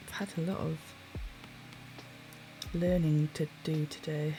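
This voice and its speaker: A sleepy woman live-streams her drawing and muses quietly as she works, now and then chatting to viewers. Her voice sits fairly low and mellow, and she talks slowly and unhurriedly. Faint music plays behind her. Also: little pitch movement. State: sleepy, yawning.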